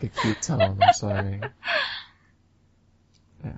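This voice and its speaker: A woman co-hosting a podcast, chatting casually and rambling, now and then mocking people in squeaky put-on voices. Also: lively intonation, fairly quick, very noisy. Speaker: podcast co-host. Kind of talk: casual stoner chat. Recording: dull lo-fi sound.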